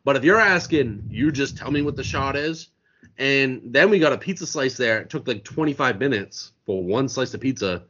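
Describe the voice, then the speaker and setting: A man's voice: mid-range voice, animated, normal speed, sharp tone. A man with a New England accent from Maine, co-hosting a casual sports podcast, telling stories animatedly and swearing freely. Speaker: podcast co-host. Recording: dull lo-fi audio.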